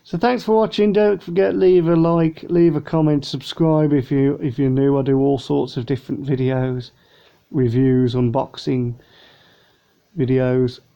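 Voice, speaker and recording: A man's voice: medium pitch, flat delivery, unhurried, vocal fry, clear, resonant tone. A man chatting casually through a model plane unboxing review, rambling and a little tired. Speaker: vlogger. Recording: dull lo-fi home recording.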